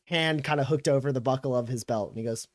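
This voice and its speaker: A man narrating a tabletop game as game master, in a loose, halting way with many fillers. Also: mid-range voice, no echo, clean studio sound.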